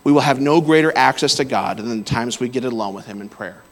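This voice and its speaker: A man's voice: medium pitch, quick pace. Man preaching in a reverberant hall. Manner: storytelling, swings to loud exclamations. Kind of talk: sermon with personal stories.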